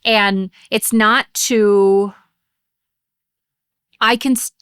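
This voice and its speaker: Woman daycare podcast host, smooth voice, rambly chat, dry sound. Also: mid-range voice, steady tone, drawn-out words, a bit bright, no room sound. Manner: rambling, trails off mid-sentence. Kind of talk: casual chat.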